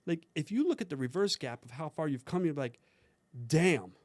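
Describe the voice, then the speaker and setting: A man's voice: a little high, sing-song, fast talker, darkish tone, dry recording. A man guesting on a podcast, talking earnestly and coaching with rhetorical questions. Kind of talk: casual podcast chat.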